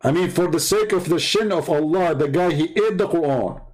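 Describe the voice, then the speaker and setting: A man's voice: on the high side, normal speed, darkish tone. Taunting man with a tinged voice. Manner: taunting, sarcastic, repeats words for emphasis. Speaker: online debate host. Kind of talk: mocking monologue.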